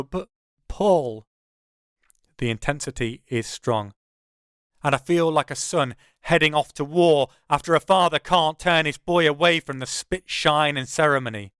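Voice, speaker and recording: A man narrates his own novel in first person with a smooth, resonant, fairly high voice. His delivery is wry and conversational. The recording is dry and close. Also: unhurried, a bit bright, no echo.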